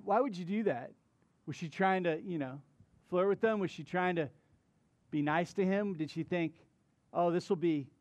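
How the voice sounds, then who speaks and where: A male pastor delivering a sermon in a conversational, animated style, retelling a story with asides to the congregation. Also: sits high, no echo.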